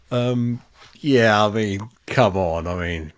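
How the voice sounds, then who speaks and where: Speaking into a desk mic at a measured pace, a football fan channel host reviews a match on a relaxed live stream. His mid-range voice holds a steady tone, though he's blunt, laughing, swearing and calling everyone mate.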